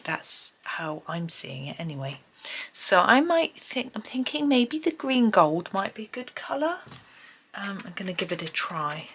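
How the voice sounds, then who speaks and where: A woman hosting a casual colouring tutorial at home, chatting and thinking aloud as she works, with frequent pauses and hesitations. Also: fairly low pitch, a bit bright. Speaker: colouring channel host. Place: home, at a desk with a tripod camera. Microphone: camera on a tripod.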